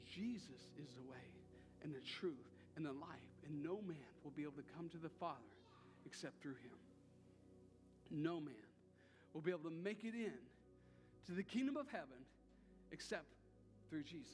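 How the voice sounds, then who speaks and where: A man's voice: a little high, expressive, moderate pace, long pauses, big-room sound, over music. A man preaching a sermon as pastor, talking in a conversational way and repeating phrases for emphasis. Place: church sanctuary.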